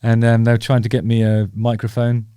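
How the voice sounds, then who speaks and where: A man's voice: mid-range voice, monotone, fairly quick, dark tone, clear, resonant tone, dry recording. Guy rambling wryly about a gig, medium voice, dead dry sound. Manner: chatty, wry, self-deprecating, rambling with fillers. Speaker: host. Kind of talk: casual talking-head commentary.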